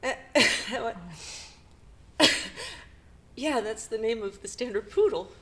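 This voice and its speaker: A middle-aged woman co-hosting a podcast, retelling a painful personal story in a halting, emotional way with nervous laughs. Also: a little high. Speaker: podcast co-host.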